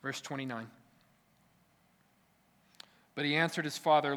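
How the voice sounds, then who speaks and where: A male preacher delivers a sermon with emphatic, repeated phrases, often dropping to a quiet, low-key delivery. His voice sits high and sounds bright and forceful. A long echo from a large hall hangs on his words. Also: expressive, moderate pace, long pauses. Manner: emphatic, repetitive preaching with sudden drops to quiet. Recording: echoey hall.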